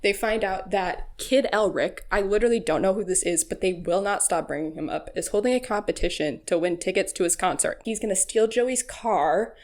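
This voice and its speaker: A woman's voice: mid-range voice, fairly quick, hardly any pauses, darkish tone, soft background music. A woman hosting a casual recap voice-over, chatty and frank, laughing often and using lots of fillers. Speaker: YouTube recap host.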